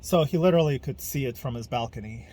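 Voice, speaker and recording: A man's voice: medium pitch, fast talker, darkish tone, a little hiss or hum. Blunt man talking. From Ukraine. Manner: blunt, emphatic, swears freely. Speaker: podcast host. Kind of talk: casual monologue.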